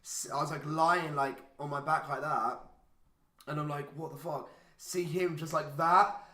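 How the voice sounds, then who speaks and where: A man's voice: a little high, steady tone, unhurried, pushed and bright. A young man, casually telling a profane story and peppering it with "like". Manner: swearing storyteller, heavy use of "like". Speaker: podcast co-host. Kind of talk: casual chat. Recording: echoey room.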